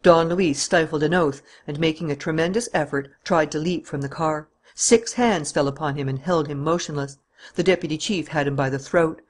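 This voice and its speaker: A man's voice: a little high, moderate pace. A man narrating a classic adventure novel as an audiobook reader.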